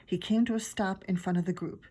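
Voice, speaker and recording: A woman teacher reading a children's chapter book aloud, lively and giggly as she tells the story. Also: mid-range voice, fairly quick, husky.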